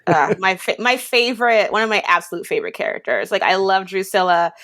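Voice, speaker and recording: A woman's voice: mid-range voice, expressive, brisk, a bit bright. A woman on a fan podcast, gushing playfully and emphatically about favorite characters. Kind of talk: casual fan podcast chat.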